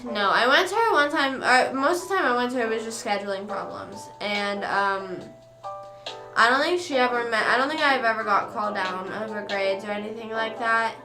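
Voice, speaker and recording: A young woman streamer chatting casually, rambling through a story with quick asides. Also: on the high side. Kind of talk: casual chat. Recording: echoey room with faint music.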